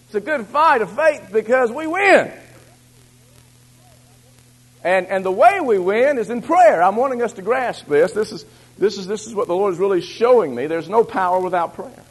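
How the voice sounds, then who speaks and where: A man preaching a sermon, shifting between loud exhortation and low, confiding asides. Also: expressive, moderate pace, slightly rough, poor audio.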